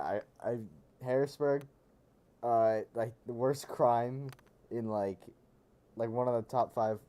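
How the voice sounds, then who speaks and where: A man's voice: on the low side, dark tone. A man streaming a racing game, talking casually in a rambling, jokey way and often correcting himself mid-sentence. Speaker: gaming streamer. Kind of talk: casual live game commentary. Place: lives near a Pennsylvania capital city.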